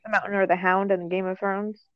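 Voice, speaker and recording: A woman listening to a story in casual chat, reacting with loud swearing and comparisons to other stories. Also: medium pitch, flat delivery, a little fast, muffled recording.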